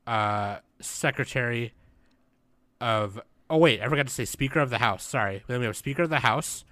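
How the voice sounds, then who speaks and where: A young man with a mid-range voice that sounds pushed and bright co-hosts a podcast, recorded dry. His casual talk is loose, rambling and profane.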